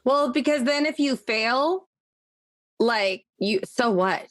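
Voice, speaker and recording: A woman's voice: fairly high pitch, lively intonation, slow, no echo. A woman hosting a podcast interview, talking casually and enthusiastically and swearing freely. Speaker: podcast host.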